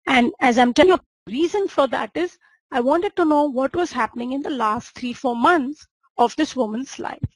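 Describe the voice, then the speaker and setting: A woman with a high, husky voice gives a homeopathy lecture. She walks through a patient case like a story, voicing the dialogue along the way. The sound is close and dry. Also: normal speed, no echo, rough recording. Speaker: homeopathy teacher. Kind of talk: teaching lecture retelling a case.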